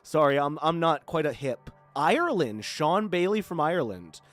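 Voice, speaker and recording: A man's voice: a little high, big pitch swings, normal speed, fairly bright tone. A man in his twenties from Florida, chatting casually with viewers on a live stream, rambling and thanking people often. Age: 20s. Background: faint horror music.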